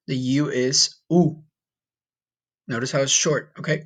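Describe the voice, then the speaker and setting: A man's voice: medium pitch, normal speed, long pauses, a bit bright, slightly rough. A man teaching a recorded Spanish lesson, patiently repeating each sound and encouraging the listener.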